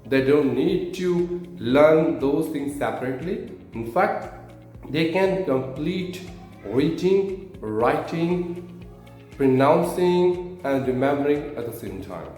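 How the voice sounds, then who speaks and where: A man with an Indian English accent teaches at an unhurried pace, checking in with "right?" as he goes. His voice rings off the walls of an echoey room, with faint music underneath. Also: a little high, lively intonation, a little mellow. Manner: slow, explanatory, with frequent "right?" checks. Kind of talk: instructional video.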